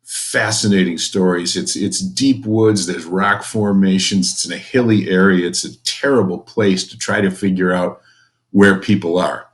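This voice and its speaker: A man's voice: low-pitched, fairly even intonation, normal speed. A man teaching a recorded history lecture to students, folksy and conversational, with jokey asides.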